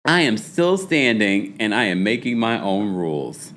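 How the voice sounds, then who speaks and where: A man with a lowish voice hosts a reality TV recap stream at an unhurried pace. He's chatty and animated, laughs, reads chat comments aloud, and puts on a dramatic voice for the taglines.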